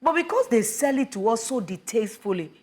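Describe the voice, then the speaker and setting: A woman's voice: fairly high pitch, expressive, brisk, a little mellow. A woman, a panelist earnestly building her argument in a discussion.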